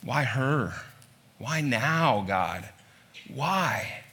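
Male pastor mid-sermon, bright, forceful tone, heavy on rhetorical questions. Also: extremely slow, husky. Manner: lively preaching, voice climbing high on emphatic lines; asks many rhetorical questions. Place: church hall.

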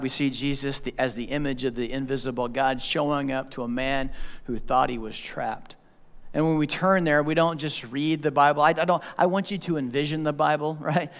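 Pastor guy preaching, pretty high voice, jokey storyteller, lots of hall echo. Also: moderate pace. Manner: animated, joking storyteller. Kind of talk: sermon. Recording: long hall reverb.

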